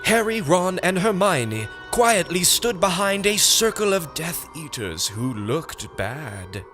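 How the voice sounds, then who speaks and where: A man narrating a comic nonsense story with a slow, deadpan delivery. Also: fairly high pitch, soft background music. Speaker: audiobook narrator.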